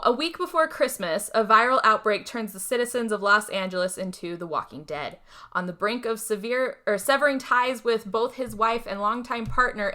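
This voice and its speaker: Animated woman podcast host, bright voice. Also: fairly high pitch. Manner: animated, swears freely, acts out quotes. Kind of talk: casual movie recap.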